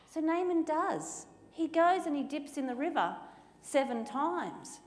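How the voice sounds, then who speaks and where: A woman telling a Bible story to children in a lively, playful way, acting out the characters. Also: sits high, slow. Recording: reverberant hall with faint ambient noise.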